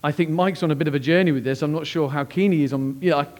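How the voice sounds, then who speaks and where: A man, a pastor preaching a sermon as lively, conversational personal storytelling. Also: a little high, rapid-fire.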